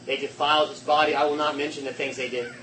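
Guy preaching fired up, high bright voice, goes from yelling to hushed. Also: flat delivery, fast, a little hiss or hum, low-quality recording. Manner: impassioned, swinging between shouts and hushed tones. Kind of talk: sermon.

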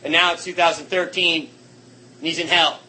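A man preaching a sermon with passion, swinging between shouting and hushed, quiet tones. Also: on the high side, steady tone, normal speed, low-quality recording.

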